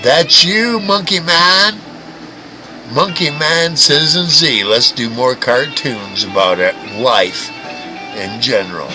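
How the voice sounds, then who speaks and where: A man's voice: mid-range voice, takes it slowly, poor audio. A man hosting a livestream, ranting and mocking in a crude, profane way, often stammering and restarting. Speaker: livestream host. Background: music playing.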